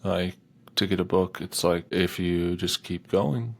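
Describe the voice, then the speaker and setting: A man co-hosting a casual podcast who talks in a relaxed, hedging way with lots of fillers. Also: low-pitched, a little slow, vocal fry. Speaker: podcast co-host, audiobook narrator.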